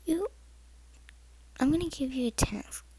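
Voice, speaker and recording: A woman talks earnestly to the camera with a fairly high voice and a gravelly fry at the edges. She rambles and keeps slipping into a whisper. The sound is dry and close. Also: measured pace, darkish tone, no room sound, poor audio. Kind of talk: earnest advice talk to camera.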